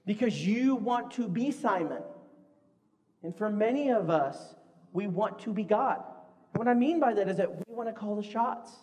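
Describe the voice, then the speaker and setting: High-voiced preacher in a reverberant hall. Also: male voice, moderate pace. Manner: lively, conversational, acts out quoted voices. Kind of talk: sermon with audience games.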